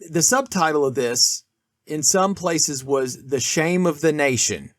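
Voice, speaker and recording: A man's voice: fairly high pitch, animated, a little slow, dry recording, studio quality. A man co-hosting a casual film discussion podcast, rambling with many restarts and fillers. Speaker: podcast co-host.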